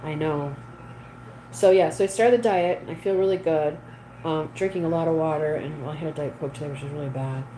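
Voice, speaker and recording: A woman's voice: deep voice, brisk, warm tone, slight background noise, rough recording. Chatty woman livestreaming to her viewers. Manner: chatty, reads viewer comments aloud, laughs often. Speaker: livestream host. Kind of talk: casual live chat with viewers.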